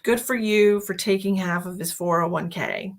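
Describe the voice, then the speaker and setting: A woman hosting a live psychic reading stream, chatting casually in an excitable way, with laughs and whispered asides. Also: mid-range voice, moderate pace. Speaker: psychic medium host. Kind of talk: casual livestream chat.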